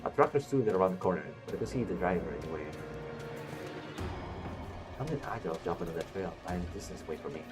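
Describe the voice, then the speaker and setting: A man's voice: low voice, expressive, fast, long pauses. A man streaming a game, reading its story text aloud and talking back to the characters with swearing and jokes. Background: game music.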